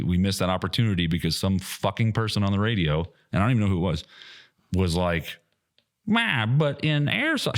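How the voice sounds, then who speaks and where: A man co-hosting a podcast, telling a heated, profane story with loud mocking quotes. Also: low-pitched. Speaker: podcast co-host. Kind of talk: casual podcast chat.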